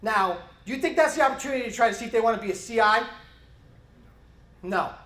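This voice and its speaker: A middle-aged man gives a conference talk to police officers at a quick clip. He is animated and acts out snippets of interview dialogue. His voice rings around a roomy hall. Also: very high voice. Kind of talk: conference presentation.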